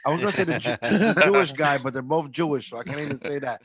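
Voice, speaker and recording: A man's voice: a little high, fast, over a noisy crowd. A man from the cigar industry telling a rambling story on a video call, full of restarts and asides. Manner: animated, rambling with many restarts. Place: at home.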